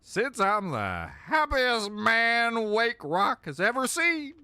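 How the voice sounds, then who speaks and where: A man's voice: very high voice, wildly swooping pitch, takes it slowly, pushed and bright, smooth, dry recording, pitched above the performer's own voice, heavily acted. A man voicing a stubborn older male ship captain with a put-on Southern drawl while playing a game. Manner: drawling, dismissive. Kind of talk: voicing game characters on a let's play.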